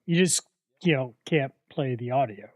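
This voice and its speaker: A man's voice: mid-range voice, expressive, moderate pace, dry recording, highs cut off. A man co-hosting a livestream, chatting casually and teasing the others. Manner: teasing, insistent. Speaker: co-host.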